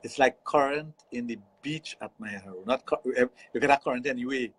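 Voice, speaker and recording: A man's voice: mid-range voice, fairly quick, a bit bright, slightly rough, poor audio. A Trinidadian man hosting a radio show as a sexologist, explaining things frankly and laughing easily. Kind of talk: casual radio talk. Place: radio studio.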